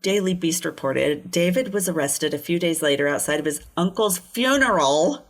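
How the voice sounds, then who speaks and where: Low-voiced woman telling a true crime case. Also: animated, normal speed, a little hiss or hum. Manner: casual, laughs often while telling the case. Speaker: podcast co-host.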